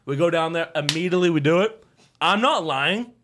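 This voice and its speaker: A young man tells a story on a casual podcast, stumbling through restarts as he goes. His voice sits a bit high for a man and jumps around a lot. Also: brisk, slight background noise. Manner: rambling, animated storytelling with many restarts. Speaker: podcast co-host.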